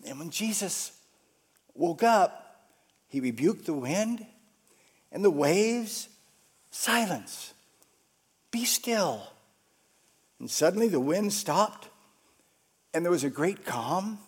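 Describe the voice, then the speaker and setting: A pastor preaches with a high, highly animated voice that leaps up and drops away. He takes his time, letting words hang. His delivery swings between loud stretches and near-whispers. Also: slow, pauses often, slightly rough. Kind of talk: sermon.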